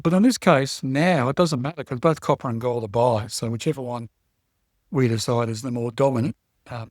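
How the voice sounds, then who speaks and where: A man co-hosting a casual investing podcast, talking in a relaxed, rambling way with fillers as he thinks aloud. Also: medium pitch, no room sound, clean studio sound. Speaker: podcast co-host.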